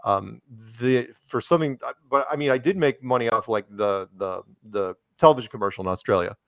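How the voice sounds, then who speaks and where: A man's voice: mid-range voice, brisk, dry recording, studio quality. A man as a podcast guest, telling stories casually, with many restarts and asides, acting out quoted people in raised voices. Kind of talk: casual conversational storytelling.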